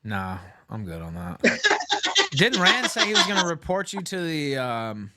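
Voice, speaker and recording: A man's voice: a little high, huge pitch swings, unhurried, very noisy. A man calling into a stream, laughing, profane and mocking. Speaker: caller. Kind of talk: casual call-in banter.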